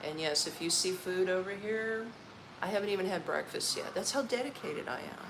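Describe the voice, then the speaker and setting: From her apartment in Orlando, Florida, a woman hosts a casual live stream, tired and eating while she talks. Her voice is fairly low and animated at a moderate pace, and she laughs often and uses folksy slang over a noisy background.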